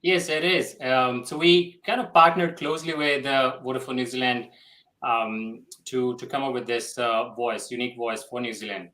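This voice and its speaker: A man's voice: medium pitch, steady tone, moderate pace, sharp tone, rough recording. A man co-hosting a casual webinar, talking hesitantly with many fillers over a video call. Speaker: solutions architect and co-host.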